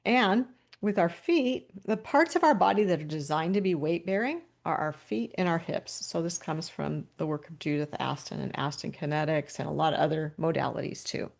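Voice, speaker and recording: A woman leads a guided body-awareness session over a video call, her voice sitting low with a gravelly, fry-edged texture. She talks in a calm, inviting way and laughs lightly between her cues. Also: moderate pace, few pauses. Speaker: webinar presenter.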